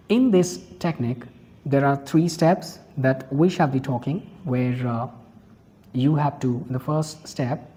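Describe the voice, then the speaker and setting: A teacher with an Indian English accent walks through a pronunciation lesson, patient and explanatory, going back over each point. The voice is mellow and soft-edged, sitting at a middling pitch. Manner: patient and explanatory, repeats points and spells out examples slowly.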